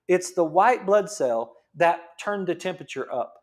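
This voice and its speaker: A man's voice: sits high, animated, moderate pace, a little mellow. A middle-aged man, a chiropractor giving a fired-up, preachy health talk full of rhetorical questions.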